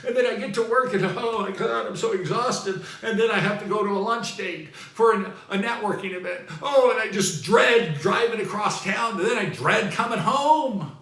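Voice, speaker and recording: A man's voice: high voice, pushed and bright, pitched above the performer's own voice. A man voicing a frazzled adult woman who hates driving in traffic and complains nonstop. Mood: exasperated complaining. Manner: fast, whiny complaining. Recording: roomy echo.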